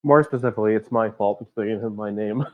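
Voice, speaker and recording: A man's voice: on the low side, fast talker, dry recording, phone-quality sound. A man playing a tabletop game, chatting with laughs and swearing. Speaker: player.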